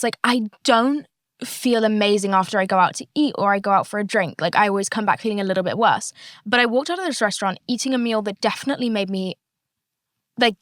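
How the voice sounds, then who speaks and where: A woman's voice: mid-range voice, fairly bright tone, no room sound. A young woman, hosting a casual solo podcast, candid and chatty and swearing freely. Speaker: podcast host.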